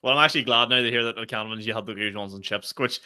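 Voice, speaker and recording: A man co-hosting a podcast as a comedian, trading banter and quick jokes in casual chat, with plenty of swearing and laughter. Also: mid-range voice, pushed and bright, smooth.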